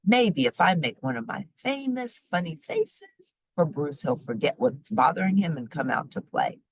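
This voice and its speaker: A woman's voice: fairly low pitch, big pitch swings, normal speed, slightly rough, no room sound, pitched above the performer's own voice, rough recording. A woman voicing a cheerful, joking young bunny in a storybook. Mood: upbeat.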